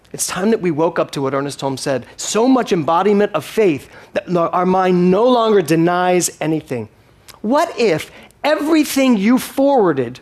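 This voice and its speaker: A man preaching a sermon as minister of his spiritual center, with emphatic rising lines and playful asides. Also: fairly high pitch.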